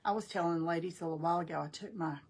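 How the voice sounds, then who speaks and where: An older woman hosts a crafting live stream, chatting folksily with viewers while she works. Her voice is on the low side, a little mellow and slightly rough, and she talks in a rapid-fire way.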